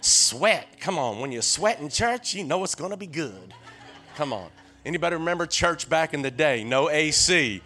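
A man's voice: fairly high pitch, moderate pace. A man in his sixties with a Tennessee accent, preaching a sermon as a guest preacher, telling folksy stories and calling out to the crowd. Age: 60s. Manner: lively call-and-response, keeps urging the crowd on; folksy storytelling with frequent restarts.

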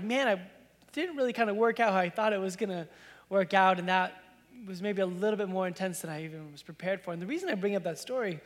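Male pastor, thirties, casual sermon storyteller, lots of "like"s, echoey church room. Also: sits high. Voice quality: casual, filler-heavy storytelling with many "like"s. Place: church sanctuary.

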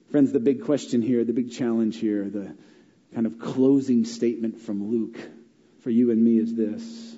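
A middle-aged man preaching a sermon as a pastor, telling stories and swinging between lively and hushed delivery. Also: medium pitch, unhurried, slightly rough. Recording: dull, echoey hall.

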